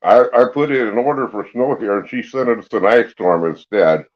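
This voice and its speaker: A man's voice: on the low side, expressive. A man hosting a casual morning livestream, talking with his mouth full and chuckling in a folksy, easygoing way. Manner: slow, easygoing drawl with folksy slang. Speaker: livestream host. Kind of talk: casual live chat. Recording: dull lo-fi stream audio.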